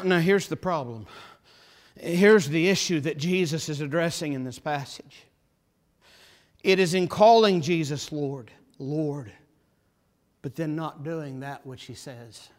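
A man preaching a sermon as pastor, impassioned, repeating phrases and building to forceful emphasis. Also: on the high side, takes it slowly, long pauses.

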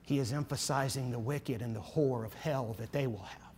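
A man preaching a sermon as pastor, earnest and insistent, often dropping to a low, solemn emphasis. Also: fairly quick, a little mellow, in a large hall, a little hiss or hum.

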